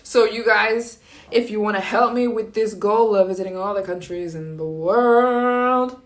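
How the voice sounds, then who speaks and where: A young woman from the United States talks casually on a live stream and addresses her viewers directly. She speaks slowly and unhurriedly, in a mid-pitched voice, as she greets and thanks people in the chat. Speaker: travel vlogger live streaming.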